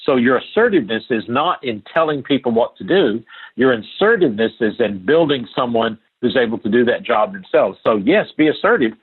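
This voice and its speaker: A man's voice: mid-range voice, lively intonation, a little fast, slightly rough. An older man from Appalachia, a podcast guest telling stories in an earnest, emphatic way, repeating phrases for stress. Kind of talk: storytelling interview talk. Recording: tinny phone-like line.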